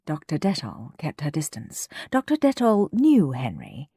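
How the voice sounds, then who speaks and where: A woman narrating a children's storybook with unhurried, expressive delivery. Her pitch rises and falls a lot as she builds the story. The recording is close and dry, with no room sound. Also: gravelly, husky, dry recording. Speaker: audiobook narrator.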